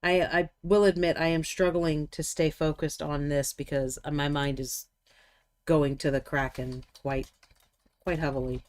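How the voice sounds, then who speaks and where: A woman's voice: deep voice, steady tone, unhurried. Chatty woman painting live on stream. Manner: chatty, self-deprecating, thinks aloud. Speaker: livestream painting host. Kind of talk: casual livestream chat while painting.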